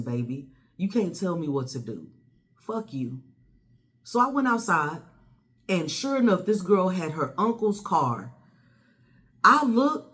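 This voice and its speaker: A woman, telling a personal story to the camera in a blunt, animated way with plenty of swearing. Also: deep voice. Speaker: vlogger. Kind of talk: casual storytelling.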